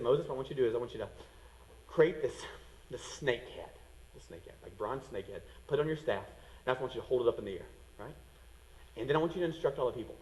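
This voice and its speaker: A man preaching a sermon as a pastor, animated and acting out the voices of people in the story. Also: medium pitch, long reverb tail, rough recording.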